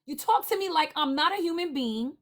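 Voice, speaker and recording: A woman speaking on a livestream panel in a heated, indignant rant, repeating her demands forcefully. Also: high-pitched, lively intonation, fairly quick.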